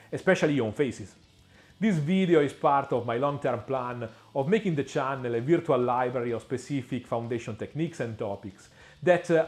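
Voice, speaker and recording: A man giving a scripted painting tutorial, measured and explanatory, with frequent small pauses and the odd dry aside. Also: medium pitch, a little mellow.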